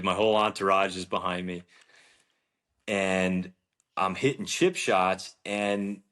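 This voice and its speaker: A man from New Jersey, a golf professional, telling an animated anecdote in an interview and acting out the dialogue. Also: lowish voice. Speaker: golf professional, podcast guest. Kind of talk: storytelling interview.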